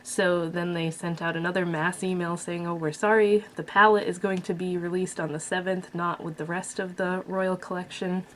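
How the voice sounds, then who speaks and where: Chatty woman reviewing makeup, low-pitched. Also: flat delivery, moderate pace, few pauses, slight background noise. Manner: chatty, blunt, frequent fillers. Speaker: beauty vlogger. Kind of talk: casual product review.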